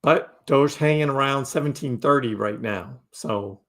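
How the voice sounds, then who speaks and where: Running a crypto stream, this host talks casually with his audience, answering their messages as they come in. He has a medium-pitched, fairly bright voice and never seems to hurry.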